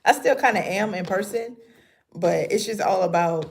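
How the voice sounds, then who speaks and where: A woman's voice: medium pitch, animated, moderate pace, gravelly. Chatty woman livestreaming. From North Carolina. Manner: chatty and laughing often, talking to viewers. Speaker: livestream host. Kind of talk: casual livestream chat with viewers.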